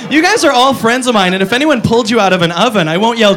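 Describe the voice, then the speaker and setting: A man's voice: very high voice, animated, brisk, noisy background. A man doing a stand-up comedy set, exasperated and profane, talking straight to the crowd.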